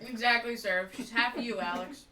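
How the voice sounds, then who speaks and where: Woman on a game stream teasing her pals, fairly high bright voice, sounds far off in an echoey room. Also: normal speed, a crowd in the background. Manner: teasing, laughs often. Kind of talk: casual chat.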